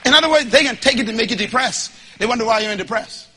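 A man from the Bahamas preaches a sermon in a very high-pitched, fast voice, with a little hiss or hum in the recording. Emphatic, folksy, and humorous, he builds to shouting as he urges the congregation to respond.

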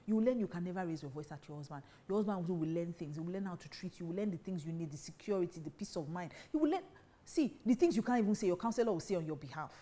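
A woman's voice: lowish voice, expressive, very fast, dark tone. A woman teaching on marriage in a preaching style, emphatic and full of rhetorical questions. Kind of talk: preaching talk to women.

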